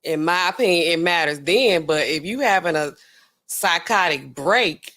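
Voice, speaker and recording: Animated, chatty woman pharmacist streamer. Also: normal speed. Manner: animated and chatty, slangy, swings between low asides and high exclaims; laughs often mid-sentence. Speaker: pharmacist streamer hosting a livestream. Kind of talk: casual livestream chat, reading viewer comments.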